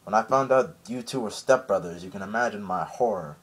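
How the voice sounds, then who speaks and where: A man's voice: fairly low pitch, brisk, pitched below the performer's own voice, natural voice. Man doing a cold menacing admiral. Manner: flat scornful threats.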